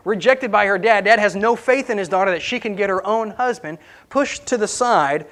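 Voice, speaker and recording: A man's voice: high voice, moderate pace, a bit bright. A man, a pastor, preaching a conversational sermon in church and asking the congregation questions as he goes.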